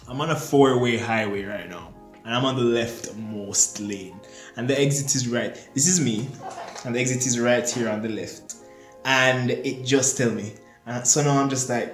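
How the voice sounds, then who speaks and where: Young man, excitable storytime vlogger acting out his own reactions; roomy echo, soft music underneath. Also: mid-range voice, fairly quick. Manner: animated, acts out his own panicked reactions. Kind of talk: casual storytime vlog. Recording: echoey room with faint music.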